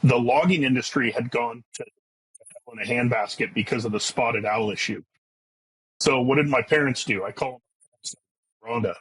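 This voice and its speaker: Middle-aged male guest, husky voice, blunt and earnest storyteller with a few swear words. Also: mid-range voice, normal speed, pauses often, fairly bright tone, poor audio. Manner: blunt and earnest, with casual profanity. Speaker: podcast guest. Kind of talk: candid personal storytelling.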